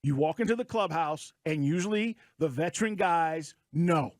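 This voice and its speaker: A man's voice: on the high side, lively intonation, normal speed, no echo, studio quality. A man co-hosting a sports radio show, talking emphatically and firing off rhetorical questions.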